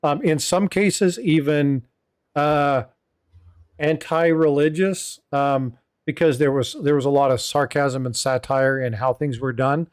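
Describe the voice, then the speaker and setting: A man's voice: a little high, fairly even intonation, unhurried, clear, resonant tone. A middle-aged man hosting a casual livestream panel, rambling with lots of "um" and "you know" and reading viewer comments aloud. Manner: rambling, filler-heavy, reads viewer chat aloud. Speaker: livestream host.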